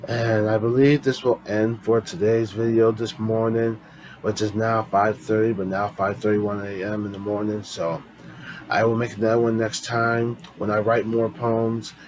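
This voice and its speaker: A man with a fairly low voice reads his own poems in a casual, chatty way. He talks to his viewers like friends and often stops to restart or correct himself. There is a faint hum of noise behind him. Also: level tone, moderate pace, poor audio. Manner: rambling, with frequent restarts and self-corrections. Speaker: poetry vlogger.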